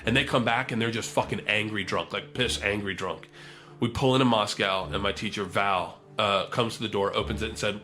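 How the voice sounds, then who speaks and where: Forceful, profane comic storyteller man. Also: fairly low pitch, a little fast, soft background music. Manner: animated, profane, acts out quotes. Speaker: comedian telling a story.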